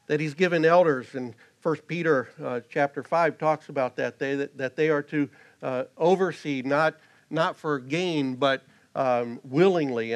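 A man preaching a sermon in an earnest way, rising to emphasis on key phrases. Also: on the high side. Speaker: pastor.

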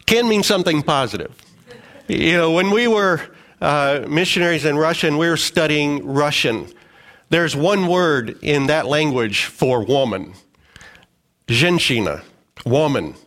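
A man's voice: on the high side, lively intonation, a little slow, fairly bright tone. A middle-aged male pastor preaching a sermon in a conversational way, with joking asides and acted-out quotes.

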